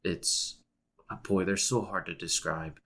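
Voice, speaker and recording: A young man with a very deep voice, co-hosting a casual podcast. He rambles, restarts his sentences and laughs often as he chats. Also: steady tone, measured pace, sharp tone. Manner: rambling, self-interrupting, with frequent restarts and laughs. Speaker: podcast co-host. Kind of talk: casual chat.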